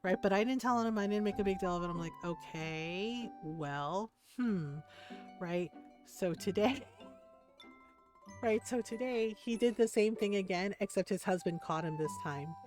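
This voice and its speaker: A woman's voice: medium pitch, normal speed. Chatty woman streamer, faint music behind. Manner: rambling anecdote, tags sentences with "right?"; animated, acts out other people's lines. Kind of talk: casual storytelling while gaming.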